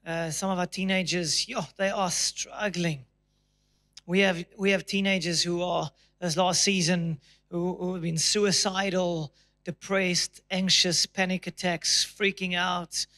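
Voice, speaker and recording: High-voiced male preacher. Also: level tone, unhurried, bright, forceful tone. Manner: emphatic preaching, acts out prayers in a raised, pleading voice. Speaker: pastor. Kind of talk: sermon. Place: church auditorium.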